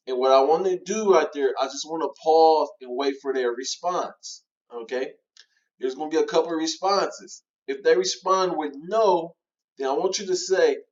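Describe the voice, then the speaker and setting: A man's voice: a little high, normal speed, dull audio. Man casually coaching cold-call scripts. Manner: relaxed, many fillers, acts out sample call lines. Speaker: real estate trainer. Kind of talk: casual instructional walkthrough.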